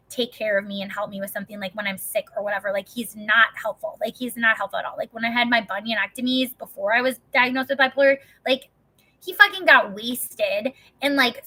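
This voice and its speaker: Bright-voiced woman chatting, full of "like". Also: on the high side. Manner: rambling, profane, heavy filler "like". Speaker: vlogger. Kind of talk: casual chat.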